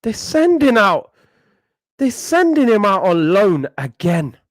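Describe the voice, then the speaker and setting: A man's voice: high-pitched, big pitch swings, slow, dry recording, clean studio sound. A young man ranting in exasperation as a football channel host, repeating himself in disbelief. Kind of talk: ranting vlog commentary.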